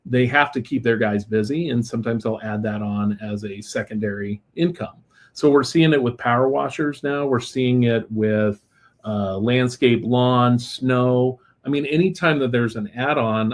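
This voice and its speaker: Talkative male guest with easy fillers. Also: mid-range voice. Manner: relaxed and talkative, with many fillers and "you know". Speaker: guest, lighting company executive. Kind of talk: casual interview chat.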